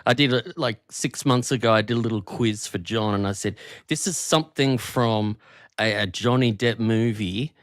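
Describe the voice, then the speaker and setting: A man's voice: lowish voice, moderate pace, dry recording. Australian man, dry close voice. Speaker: podcast host. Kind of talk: casual chat.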